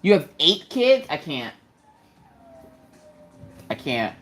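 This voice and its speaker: Taking it slowly, with big pitch swings in a voice that sits low, a woman in her thirties chats through stories during a casual crafting live stream. She acts out quotes in character voices, and soft music plays in the background.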